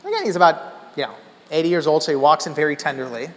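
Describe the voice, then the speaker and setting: A man from Los Angeles telling an animated story in a keynote talk, acting out the people in it. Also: a little high, rapid-fire. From Los Angeles, USA. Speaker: keynote speaker. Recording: echoey conference hall.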